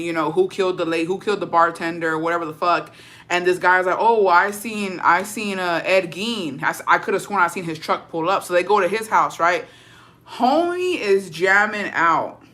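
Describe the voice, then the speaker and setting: A woman's voice: on the low side, sharp tone. A woman streamer in casual chat with viewers, telling a story in slang full of swearing and laughter, dropping in words.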